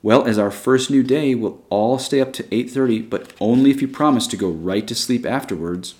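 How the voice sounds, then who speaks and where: A man's voice: medium pitch, moderate pace, a little mellow, close to an everyday voice. A man voicing a sweet coaxing schoolteacher woman. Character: gentle persuasive female schoolteacher, sweet and calm. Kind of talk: storybook reading.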